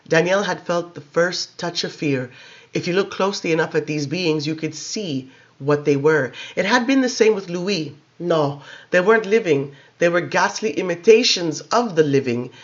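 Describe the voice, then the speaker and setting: Man narrating a dark novel. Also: high-pitched, normal speed, dull audio. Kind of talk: audiobook narration.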